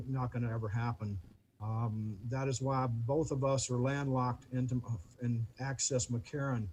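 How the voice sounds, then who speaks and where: A man gives public comment on a video call, halting and restarting his words. His voice sits at an ordinary pitch. A faint hiss runs under the call. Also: a little mellow, poor audio. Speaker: neighbor addressing the commission.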